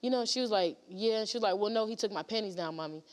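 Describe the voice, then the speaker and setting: A woman recounts a painful event as a talk-show guest, her voice sitting at an ordinary middle pitch. She rambles, doubling back and filling pauses with "um" and "you know.". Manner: rambling, many fillers and restarts. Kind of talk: emotional storytelling on a talk show.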